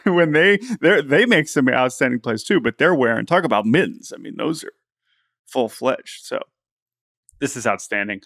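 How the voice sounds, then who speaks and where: Male co-host, easygoing banter, average pitch, close dry studio sound. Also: moderate pace, dry recording. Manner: animated, laughs often, repeats words while thinking. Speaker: podcast co-host. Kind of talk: casual sports podcast chat.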